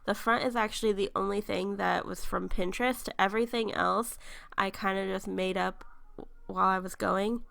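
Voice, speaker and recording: A woman's voice: medium pitch, steady tone, normal speed, creaky, fairly bright tone. Stuffy, freshly woken young woman. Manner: chatty, laughs often, trails off with ums. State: stuffy, congested from a sinus infection; just woken up. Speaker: YouTuber narrating a speed build. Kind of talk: casual voice-over commentary.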